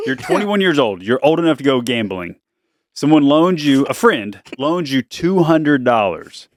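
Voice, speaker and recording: A man's voice: medium pitch, big pitch swings, moderate pace, no room sound. A man hosting a casual family podcast, playful and teasing, speaking close to a podcast microphone. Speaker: podcast host and dad.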